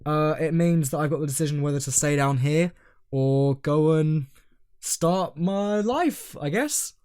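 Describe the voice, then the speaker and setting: A young man co-hosting a casual podcast, talking in a rambling, hesitant way that often trails off quietly. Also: a little high, unhurried, clean tone. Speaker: podcast co-host. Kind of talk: casual chat.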